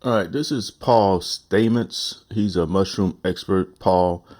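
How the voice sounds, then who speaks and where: A man's voice: deep voice, slow pace, a little mellow. A man in his home office chatting casually with viewers in a laid-back, folksy way and reading his own novel aloud.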